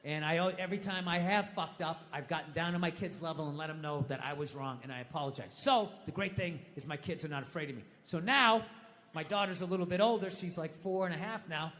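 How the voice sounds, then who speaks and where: A middle-aged American man doing stand-up comedy, ranting loudly and profanely with mock outbursts. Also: on the high side, quick pace. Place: comedy stage. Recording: live venue with long reverb.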